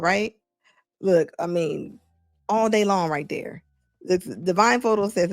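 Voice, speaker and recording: A woman's voice: mid-range voice, creaky, no room sound, clean studio sound. A woman hosting a casual livestream commentary, chatty, reading viewer comments aloud and laughing often. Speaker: commentary channel host.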